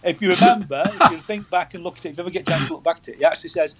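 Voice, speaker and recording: A man's voice: fairly high pitch, racing, hardly any pauses, fairly bright tone. A man, telling rambling stories as a guest in a casual chat, often repeating words. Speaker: guest angler.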